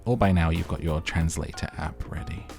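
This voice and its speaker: A man's voice: rumbling low, brisk, creaky. A man narrating a dating game playthrough with playful, wry asides. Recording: music playing behind.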